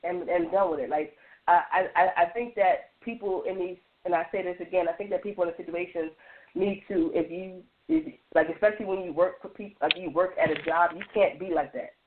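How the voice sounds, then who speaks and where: A woman on a radio panel, telling stories with lively restarts and lots of "like". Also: lowish voice, fairly quick. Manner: animated storytelling with many restarts and repeated "like". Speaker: roundtable panelist. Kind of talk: casual radio panel chat. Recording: tinny phone-line sound.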